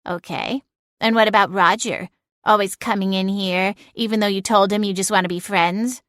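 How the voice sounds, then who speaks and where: A woman's voice: medium pitch, steady tone, normal speed, a bit bright, dry recording, natural voice. A woman voicing a snarky, sarcastic female cat familiar with a dry, cutting, mocking manner in an audiobook. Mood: snide. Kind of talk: audiobook narration.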